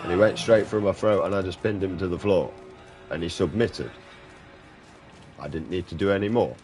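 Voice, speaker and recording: Man, low-pitched, blunt, sweary, rambling casual gaming chat, music playing behind. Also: normal speed, a little mellow. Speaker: gaming streamer.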